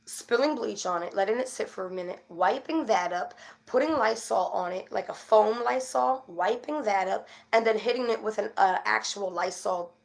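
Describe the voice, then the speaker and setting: Gravelly-voiced woman vlogging. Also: mid-range voice. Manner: rambling, with many fillers and restarts; worried and frustrated. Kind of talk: casual to-camera chat.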